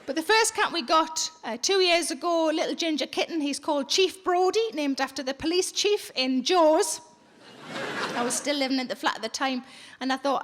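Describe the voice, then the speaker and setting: High-voiced, sweary woman comic. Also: normal speed, a little hiss or hum. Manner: blunt, sweary, conversational storytelling. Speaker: stand-up comedian. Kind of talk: live stand-up comedy. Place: theatre stage, live audience.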